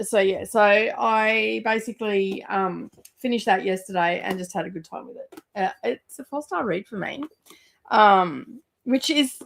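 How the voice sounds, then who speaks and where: A woman's voice: a little high, gravelly. A woman chatting casually about books as a vlogger, rambling with lots of fillers. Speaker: book vlogger. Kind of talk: casual chat.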